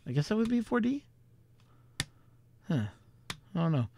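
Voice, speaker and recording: A man's voice: sits high, big pitch swings, moderate pace, warm tone, a little hiss or hum. A man hosting a vlog in casual chat, rambling, chuckling and thinking aloud. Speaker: vlog host.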